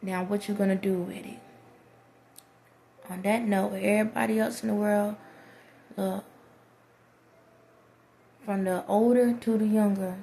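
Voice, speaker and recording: Gravelly woman giving a pep talk. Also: medium pitch, level tone, unhurried, long pauses, warm tone, a little hiss or hum. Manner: preachy, repeats "okay?" to check in with viewers. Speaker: vlogger. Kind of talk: motivational monologue to camera. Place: someone else's house.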